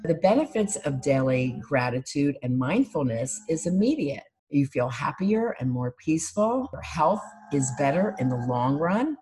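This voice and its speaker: A woman life coach giving a calm, instructive talk on gratitude and mindfulness, listing things one by one. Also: sits low, moderate pace, few pauses, a little hiss or hum. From United States.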